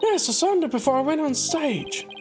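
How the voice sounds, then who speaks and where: A woman's voice: high voice, very animated, normal speed, over music, pitched above the performer's own voice. A woman voicing a bubbly teenage girl stage magician in a sing-song, theatrical way. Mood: playful.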